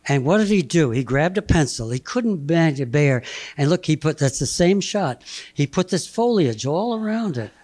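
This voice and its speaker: Brief: elderly man, eighties, halting and chuckling, fairly high voice. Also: sing-song, darkish tone. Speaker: guest speaker presenting slides. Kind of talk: anecdotal lecture.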